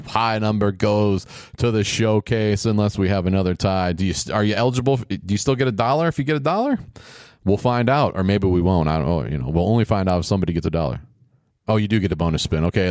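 Lower-voiced man doing wisecracking play-by-play. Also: a little mellow, dry recording, studio quality. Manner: rambling, wisecracking, sarcastic asides. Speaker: show commentator. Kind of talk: casual play-by-play commentary.

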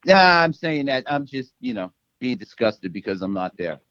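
A man's voice: mid-range voice, big pitch swings, moderate pace, a bit bright, no echo, lo-fi sound. A man co-hosting a casual sports podcast, playful and joking, laughing often. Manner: playful, laughs a lot, jokey asides. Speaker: podcast co-host.

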